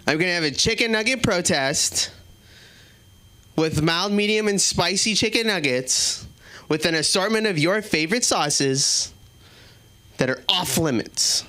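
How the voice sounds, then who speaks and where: A man's voice: sits high, a little slow, sharp tone. A man doing a stand-up set in a small comedy club, self-deprecating and chatting with the crowd.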